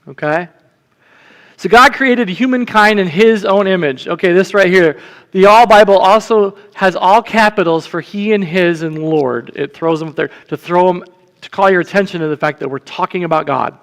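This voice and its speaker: A deacon with a high, somewhat bright voice teaches in a sermon inside a church sanctuary, where the recording carries a long reverb. His style is conversational, and he checks in with the congregation.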